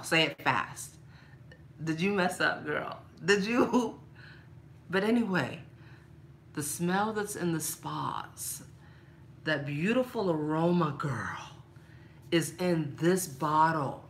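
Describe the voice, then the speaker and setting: A woman talking casually and playfully to her viewers in a shopping haul vlog, laughing often and getting animated when she complains. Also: slow, pauses often, a little hiss or hum. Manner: playful, laughs a lot, talks straight to viewers as "girl"; animated, rises high when mock-angry. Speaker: vlogger showing a shopping haul.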